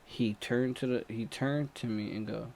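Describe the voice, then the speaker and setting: A young man telling a story in a casual vlog, animated and slangy, swinging from low mutters to excited outbursts. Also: moderate pace, gravelly. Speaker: storytime vlogger.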